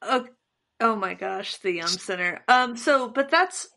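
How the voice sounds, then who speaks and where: Bright-voiced woman co-host, playful and jokey. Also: a little high, expressive, measured pace, gravelly. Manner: playful, jokey, laughs often. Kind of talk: casual chat.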